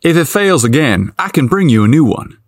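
A man's voice: on the high side, very animated, brisk, dry recording, clean studio sound, voice pushed up. A man voicing a friendly young male cable repairman with a country accent, easygoing and helpful.

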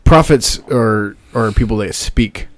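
A man co-hosting a comedy podcast in casual banter, steering the segment with quick restarts and asides. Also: on the low side, no echo. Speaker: podcast co-host.

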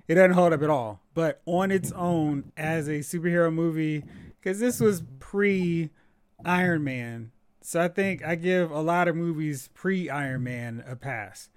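Higher-voiced animated male podcast host. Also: clear, resonant tone, dry recording. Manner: animated, opinionated, quick asides. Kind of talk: casual chat.

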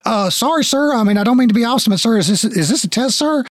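A man's voice: very high voice, lively intonation, quick pace, no echo, studio quality, voice pushed up. A man voicing a nervous, over-polite male guard who keeps saying sir. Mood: flustered.

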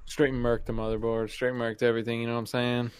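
A man's voice: mid-range voice, monotone, quick pace, clean tone. A young man co-hosting a casual sports podcast, laid-back and slangy, often stumbling over his first words. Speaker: podcast co-host. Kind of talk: casual chat.

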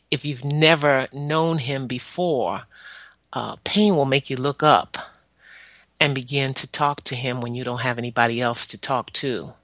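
A woman tells her own story in an earnest, halting way, stopping often to gather her words. Her voice is bright and forceful. It sits dry and close, with no room sound around it. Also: rumbling low, dry recording. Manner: earnest, halting with frequent pauses. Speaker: guest sharing her life story. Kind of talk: personal testimony, storytelling.

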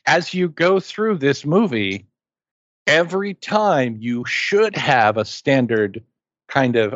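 A man's voice: medium pitch, expressive, slow pace, no echo. A man in casual conversation, talking through his picks with enthusiasm and playful asides. His voice sits in a middle register. The recording is dry and a little dull, with no room sound. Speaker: podcast co-host. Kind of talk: casual movie chat.

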